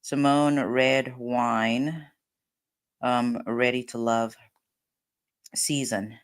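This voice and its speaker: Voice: mid-range voice, fairly even intonation, very slow. A host giving casual commentary, thinking aloud and laughing often.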